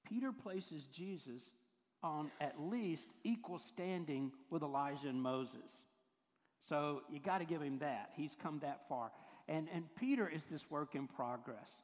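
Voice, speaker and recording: A man's voice: fairly high pitch, measured pace. A male pastor, giving a conversational sermon full of acted-out quotes. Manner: conversational storytelling, acts out quoted voices. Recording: hall reverb.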